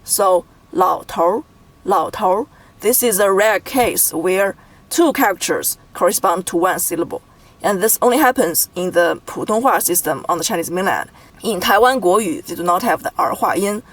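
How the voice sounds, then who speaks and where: Woman from Beijing, Mandarin teacher; measured explanatory lesson delivery, slow and deliberate on examples. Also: medium pitch, rough recording.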